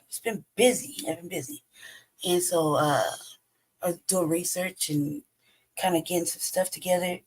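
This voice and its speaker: A woman hosting a livestream in a casual, rambling way, hoarse from losing her voice and often pausing to search for words. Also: fairly low pitch, rough recording. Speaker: host. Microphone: home streaming setup.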